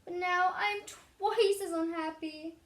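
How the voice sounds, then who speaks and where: A woman voicing a miserable storybook king who sobs and wails in a high, loud, crying voice that leaps all over the place. His delivery is slow and drawn out. It echoes around a roomy space. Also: lively intonation, creaky, heavily acted. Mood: sobbing. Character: weepy, wailing king of a gloomy land. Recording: roomy echo.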